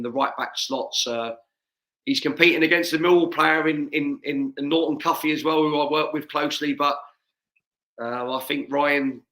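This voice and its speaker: A middle-aged English man with a Watford-area accent, chatting casually as a guest on a video call, full of matey banter. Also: mid-range voice. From England. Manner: warm, laughs often, matey banter. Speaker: guest, former footballer. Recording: echoey room.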